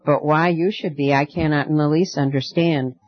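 A man voicing a gentle girl who lives in darkness, speaking softly, earnestly and coaxingly, in a dull, dry lo-fi recording. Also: fairly high pitch, fairly even intonation, normal speed, dry recording, lightly acted. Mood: tender. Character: gentle night-dwelling girl, soothing and firm.

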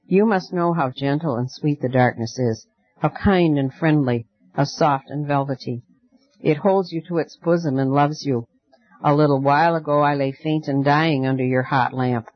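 A man voicing a gentle girl who lives in darkness, speaking softly, earnestly and coaxingly, in a dull, dry lo-fi recording. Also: on the high side, moderate pace, dry recording, lightly acted. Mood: tender. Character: gentle night-dwelling girl, soothing and firm.

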